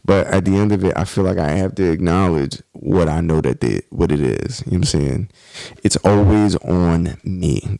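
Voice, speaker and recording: A man's voice: low-pitched, vocal fry, warm tone, dry recording, studio quality. A man hosting a podcast, talking in a blunt, profane, passionate monologue about faith and self-improvement. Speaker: podcast host.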